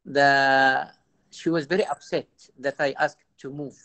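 Gravelly-voiced priest, halting delivery. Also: male voice, medium pitch, steady tone, sharp tone, no room sound, rough recording. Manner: halting, repeats words, tells anecdotes. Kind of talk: informal talk to a youth audience.

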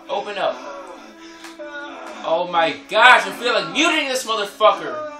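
A man commentating on gameplay, cursing loudly and laughing with frequent outbursts. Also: high voice, animated, normal speed, distant mic. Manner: profane, loud outbursts, laughing. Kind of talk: let's play commentary. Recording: echoey room, game music behind.

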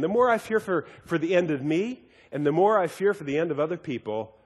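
Earnest guy preaching, keeps repeating words, bit high voiced, echoey hall. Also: expressive, a little fast, husky. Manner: earnest, emphatic, often repeats and restarts words. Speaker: Bible study teacher. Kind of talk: sermon with personal storytelling.

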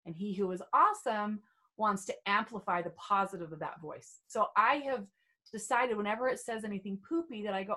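A woman's voice: medium pitch, fairly quick, bright, forceful tone. Bubbly, self-assured middle-aged woman. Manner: bubbly, playful and self-assured, with lots of "right?" tags. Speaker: guest, beauty trainer and author. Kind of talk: casual podcast chat.

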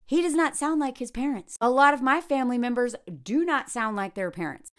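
A woman's voice: high voice, a little fast. A woman from the American South giving blunt, sarcastic commentary on a reality TV show and laughing often. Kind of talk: casual reaction commentary.

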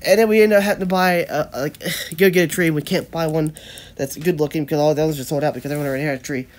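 A woman's voice: low voice, steady tone, rapid-fire, darkish tone. A young woman vlogging casually with a stuffed-up nose that makes her voice nasal, rambling and saying "like" a lot. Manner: rambling, heavy use of "like". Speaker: daily vlogger. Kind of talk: casual vlog chat.

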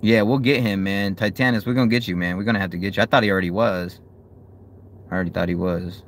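A man hosting a fan livestream, chatting casually and cursing, swinging from low muttering to loud hype. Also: quick pace, slight background noise. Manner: hyped, profane, swings from low mutter to yelling. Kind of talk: casual live stream chat. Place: outdoors.

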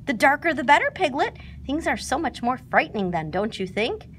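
A woman's voice: sits high, big pitch swings, brisk, a bit bright, slight background noise, voice pushed up. A woman voicing a kind, eager young boy who patiently explains things to his friends.

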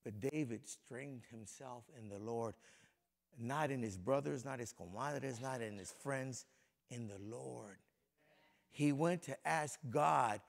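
A middle-aged man preaching a lively, folksy sermon as a pastor, joking with the congregation and swinging between soft and loud. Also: mid-range voice, slow, gravelly. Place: church sanctuary before a congregation.

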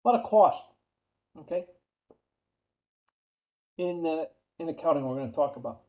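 Speaking at a moderate pace with a fairly high pitch and lively intonation, a man with a New York accent delivers a conversational accounting lecture. He repeats important terms and poses questions to students, captured in dull lo-fi audio.

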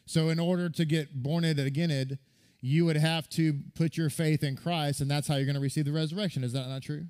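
A rabbi delivering a lively sermon to his congregation, his voice sitting a little high for a man. He keeps pressing the room with rhetorical questions, stopping to ask them to nod along. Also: brisk. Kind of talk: sermon teaching.

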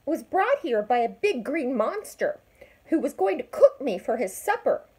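An older woman voicing a naive, eager wooden puppet boy in a storybook, speaking in a high, childlike way. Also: very animated, normal speed, darkish tone, breathy edge, full character voice. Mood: childlike pleading.

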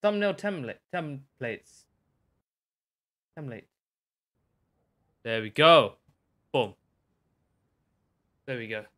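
A young man giving chatty live commentary while playing a game, excitable and bursting into shouts. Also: medium pitch, very slow, long pauses. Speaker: live streamer.

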